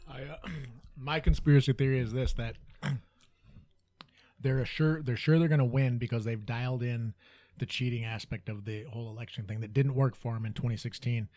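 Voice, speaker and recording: Brief: male panelist, average pitch, musing and conspiratorial, dry mic. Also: fairly even intonation, normal speed, warm tone, dry recording. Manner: musing, clears throat, conspiratorial. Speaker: guest panelist. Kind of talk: casual political chat.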